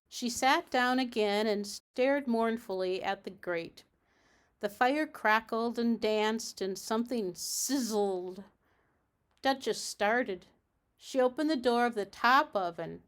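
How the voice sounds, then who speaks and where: A woman reads a children's storybook aloud at a steady, measured pace. Her voice sits fairly high, and her storytelling is clear and even. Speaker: librarian reading aloud.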